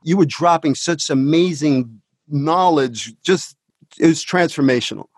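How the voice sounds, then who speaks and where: A man's voice: a little high, unhurried, husky, no room sound, studio quality. A man hosting a podcast, chatting enthusiastically with his guest and asking him questions. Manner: enthusiastic, effusive praise. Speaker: podcast host. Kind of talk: conversational interview.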